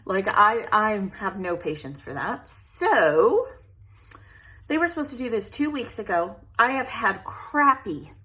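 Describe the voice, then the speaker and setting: A woman's voice: medium pitch, a bit bright. A middle-aged woman chatting casually while she scrapbooks, venting and laughing often. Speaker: scrapbooking vlogger. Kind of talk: casual chat while crafting.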